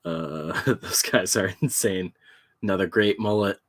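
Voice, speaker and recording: A man co-hosting a casual late-night chat, drunk and high, who keeps breaking into giggles while he talks. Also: fairly even intonation, a little slow, no room sound, clean studio sound. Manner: giggly, laughing through his words. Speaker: podcast co-host.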